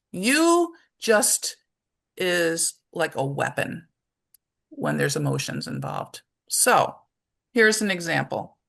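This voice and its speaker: A woman with a low voice leads a parenting webinar, talking in a relaxed, conversational way. Her voice has a gravelly edge of vocal fry, and she explains her points through everyday examples. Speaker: webinar presenter for parents and teachers. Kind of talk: live webinar presentation.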